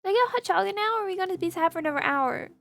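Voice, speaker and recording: A woman voicing an eager, sweet-toothed young adventurer woman who talks in a bubbly, excitable way. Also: very high voice, very fast, vocal fry, no room sound, voice pushed up, heavily acted. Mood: impatient.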